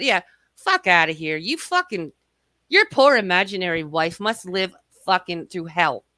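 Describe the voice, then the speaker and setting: A woman's voice: medium pitch, animated, moderate pace, pushed and bright, no room sound. A woman hosting a live stream, delivering an angry, profane, mocking rant. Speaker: livestream host.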